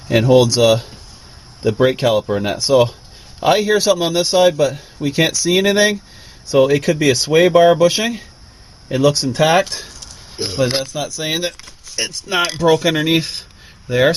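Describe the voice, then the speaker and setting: A man casually showing how to check a truck's front end outdoors, rambling with lots of ums and uhs as he works. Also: a little high. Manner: relaxed, rambling, full of ums and uhs while working. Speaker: DIY mechanic showing truck repairs. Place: outdoors beside a truck, away from the house. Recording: noisy outdoor recording.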